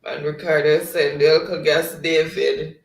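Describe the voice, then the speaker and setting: A Jamaican man hosts a relaxed livestream, reading the chat aloud and breaking into laughter between comments. His voice sits a little high for a man. He is set back from the mic in an echoey room. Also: moderate pace, vocal fry, far from the mic.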